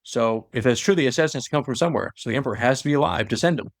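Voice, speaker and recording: A man's voice: mid-range voice, vocal fry, no room sound. Give me a young man rambling through a story recap in casual chat, dry and close. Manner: rambling, loose, with fillers and quick asides. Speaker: podcast co-host.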